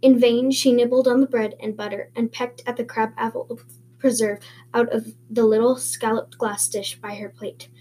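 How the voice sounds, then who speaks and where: A woman's voice: a little high, level tone, normal speed, dark tone, slightly rough. A woman reading a novel aloud, stumbling and restarting often. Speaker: reader.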